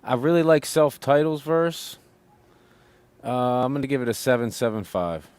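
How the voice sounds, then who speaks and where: Hesitant male co-host, smooth resonant voice, dry close sound. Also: medium pitch, lively intonation, moderate pace, a little mellow, no room sound. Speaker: podcast co-host. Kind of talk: casual chat.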